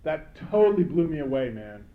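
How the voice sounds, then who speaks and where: A man's voice: a little high, sing-song, a little fast, narrow, tinny audio. Joking man rambling at a banquet. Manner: rambling, joking, addresses the crowd directly. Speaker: banquet speaker. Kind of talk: off-the-cuff banquet speech. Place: banquet hall with a crowd.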